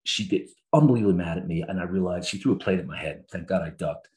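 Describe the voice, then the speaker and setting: A man's voice: deep voice, fast talker, darkish tone. A middle-aged man, a therapist, speaking earnestly and openly about his own life in a conversation. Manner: earnest, emotionally open, reflective. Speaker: therapist, guest. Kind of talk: candid conversational storytelling. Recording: roomy echo.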